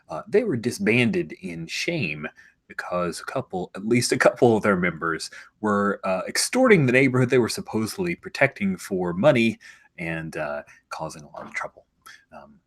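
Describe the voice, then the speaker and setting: A man running a tabletop role-playing game, explaining the setting in an animated way and sometimes dropping to a hushed whisper. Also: lowish voice. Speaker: game master.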